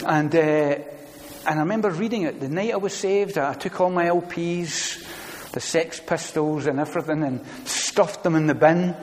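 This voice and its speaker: A middle-aged man preaching a sermon, earnest, building to loud emphatic declarations with repeated phrases. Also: fairly high pitch, moderate pace. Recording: long reverb of a church hall.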